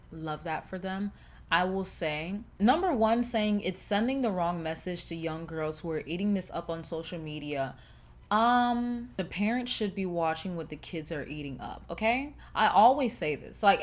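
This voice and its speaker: A young woman hosting her own podcast and chatting casually on her own, blunt and profane, with laughs and lively emphasis. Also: mid-range voice. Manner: animated, with laughs and shifting emphasis. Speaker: podcast host. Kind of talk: casual solo podcast chat.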